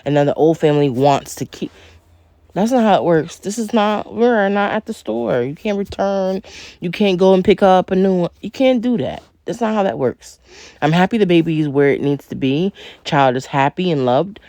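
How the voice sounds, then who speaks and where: A woman's voice: fairly low pitch, animated, normal speed, dark tone, no room sound. A woman hosting a reaction video, talking straight to her viewers in an indignant, emphatic way. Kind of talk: casual reaction commentary.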